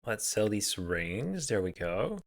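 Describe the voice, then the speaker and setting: Man, let's play commentary, relaxed, musing, hesitant. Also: fairly low pitch, slow. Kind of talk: casual game commentary.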